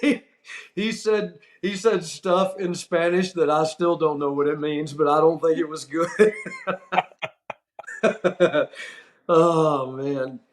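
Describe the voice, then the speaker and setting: A man, an older wrestling figure, telling a funny backstage story on his podcast, animated and laughing often. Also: fairly high pitch, slow, pauses often. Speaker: podcast host. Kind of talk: storytelling anecdote.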